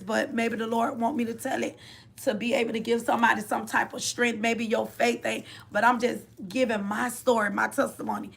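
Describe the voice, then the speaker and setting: Gravelly-voiced mother giving a testimony. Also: a little high, fairly bright tone. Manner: heartfelt, repetitive, restarts phrases, Southern Black church cadence of faith talk. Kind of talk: emotional personal testimony.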